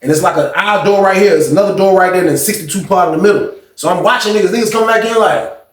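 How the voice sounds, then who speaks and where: A man spins a story in loose, profane slang, acting out everyone involved. His voice sits high for a man. The sound is roomy and echoey. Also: quick pace. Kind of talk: casual storytelling. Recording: roomy echo.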